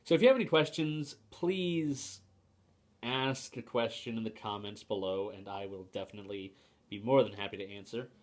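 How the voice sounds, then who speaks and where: A young man with a fairly low voice talks through a book review in a casual, unscripted way. He hesitates often, restarts his sentences and fills pauses, but states his opinions plainly.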